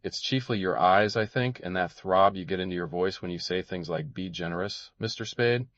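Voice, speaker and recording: Hard-boiled detective, voiced by a man, deep and dry-witted, sardonic; dull, dry recording. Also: normal speed, a bit bright, no room sound. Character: wry, hard-boiled male private detective. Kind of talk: audiobook character voice.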